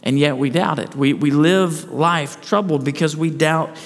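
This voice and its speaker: A man's voice: fairly high pitch, measured pace, gravelly. A man preaching a sermon to his church, earnest, asking rhetorical questions and restarting phrases. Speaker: pastor. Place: church sanctuary. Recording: long hall reverb.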